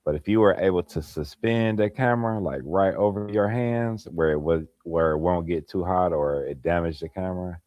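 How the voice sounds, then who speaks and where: At home at night with a light in hand, a livestream host with a low voice talks at normal speed with hardly any pauses. He chats easily with viewers by name, laughing often, in dull audio without echo.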